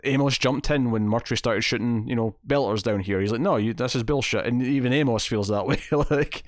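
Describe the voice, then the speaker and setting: A man hosting a podcast chats casually and enthusiastically about a TV episode, with many restarts. His voice is medium-pitched and fairly quick, in a studio-quality recording with no echo.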